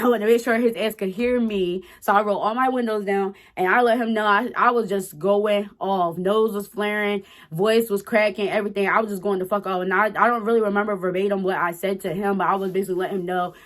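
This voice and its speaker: Speaking to camera in a casual way, a twenty-something woman who vlogs storytimes shares something personal with her audience. She's blunt and emphatic and swears freely, and her voice sits in the middle range with a slightly bright quality.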